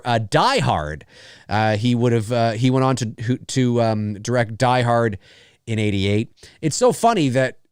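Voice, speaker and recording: A man's voice: mid-range voice, smooth, dry recording, clean studio sound. A man hosting a live movie commentary, talking casually in a rambling, chatty way, laughing often and swearing freely.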